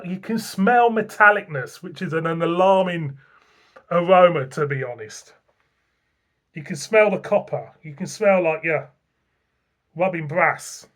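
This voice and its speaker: A man's voice: sits high, unhurried, long pauses, fairly bright tone. Blunt sweary Northern English man. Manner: blunt, sweary, rambling with restarts. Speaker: beer reviewer. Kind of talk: casual beer review vlog.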